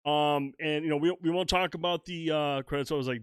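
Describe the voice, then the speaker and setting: A man co-hosting a casual podcast chat, excitable and swearing freely as he jokes along. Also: fairly high pitch, fast talker, few pauses, clear, resonant tone, dry recording, clean studio sound. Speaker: podcast co-host.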